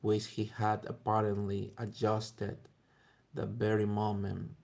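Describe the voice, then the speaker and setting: A man reading a classic story aloud slowly and haltingly, stumbling over words. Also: fairly low pitch, completely flat delivery, creaky, a little mellow. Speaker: reader.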